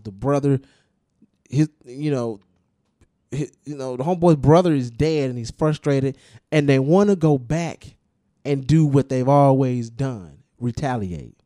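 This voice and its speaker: Man explaining at length, mellow voice. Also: mid-range voice, dry recording, clean studio sound. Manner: explains at length, with restarts and emphatic repetition. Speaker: podcast host discussing music. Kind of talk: casual podcast chat.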